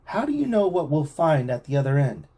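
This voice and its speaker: Jittery stammering teen boy, as a dad reading aloud puts him on, raised voice, gravelly edge, storybook. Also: a little high, very animated, fairly quick, mellow, pitched above the performer's own voice. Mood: anxious. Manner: shaky, stammering. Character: nervous teen boy Chet.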